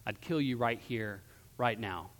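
A man's voice: on the low side, unhurried, voice pushed down, close to an everyday voice. A man voicing a greedy, evasive male fortune teller in a casual, wheedling tone. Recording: long hall reverb.

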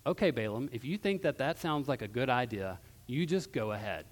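A man doing a calm, daring divine voice. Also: mid-range voice, brisk, close to an everyday voice. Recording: long hall reverb.

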